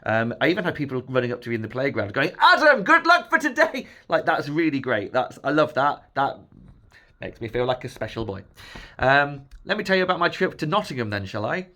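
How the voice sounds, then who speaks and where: A man with a bright, ringing voice, talking straight to camera. He tells his stories casually, full of self-mocking jokes. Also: mid-range voice, lively intonation, a little fast. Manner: jokey, self-mocking, chatty with laughs. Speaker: vlogger sharing his health journey.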